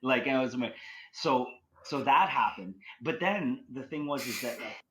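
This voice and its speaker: A man's voice: mid-range voice, a little slow, a bit bright, low-quality recording. A man from Canada, a guest on a podcast, telling a story casually and rambling with lots of fillers. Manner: rambling, with many "like" and "you know" fillers.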